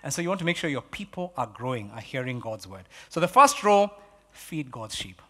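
A man preaching a sermon as pastor, animated, repeating key phrases and swinging from loud exclamations to hushed lines. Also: medium pitch, brisk, long reverb tail. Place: church hall.

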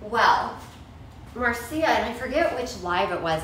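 A woman's voice: on the high side, lively intonation, unhurried, a bit bright, heavy reverb, far from the mic, a little hiss or hum, low-quality recording. Chatty woman hosting a home cooking show. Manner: chatty, eats while talking, laughs easily. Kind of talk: casual cooking demo. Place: home kitchen.

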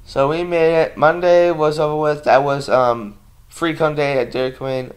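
A man's voice: a little high, fairly even intonation, moderate pace, smooth. A man chatting casually to his viewers in a home vlog, rambling and sleepy, with lots of ums and restarts. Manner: sleepy, yawning. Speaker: vlogger.

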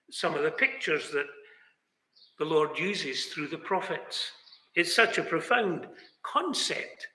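In an echoey chapel with long reverb, a man with a high-sitting, bright, forceful voice preaches a sermon. He is emphatic, posing rhetorical questions and addressing his listeners directly.

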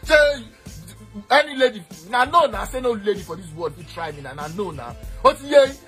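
A man with a Nigerian accent, mixing Pidgin and Yoruba, ranting loudly and boastfully, now and then shouting or slipping into a sing-song. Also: high-pitched, lively intonation, fairly quick, faint music behind. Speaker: eyewitness in a played clip. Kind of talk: heated rant.

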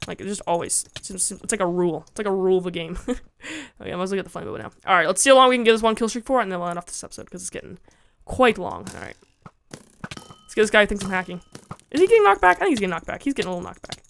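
A woman's voice: medium pitch, expressive, racing, gravelly, a little hiss or hum. A woman giving casual, giggly commentary while playing a game and talking to her chat, squealing when she is attacked. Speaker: Minecraft let's-play gamer.

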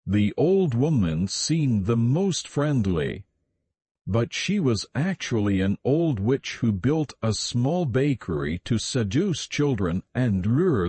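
A man reading a fairy tale aloud in calm storybook narration, slow and even. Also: mid-range voice, husky, no echo.

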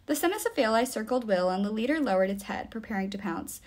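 A woman reading a novel aloud with expressive storytelling. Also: medium pitch, a little fast, few pauses. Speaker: reader.

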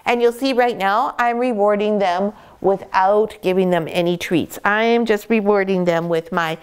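Smooth-voiced woman breeder teaching puppy care. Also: medium pitch, normal speed. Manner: calm and gentle, breaks into praise for the dogs. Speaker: dog breeder. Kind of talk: instructional puppy-care talk.

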